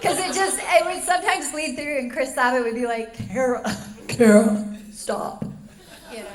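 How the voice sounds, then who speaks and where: A woman with a high voice tells animated stories in a casual panel chat, laughing often as she goes. Her voice rings through an echoey convention room. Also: fast, a crowd in the background. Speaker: voice actor and former radio DJ.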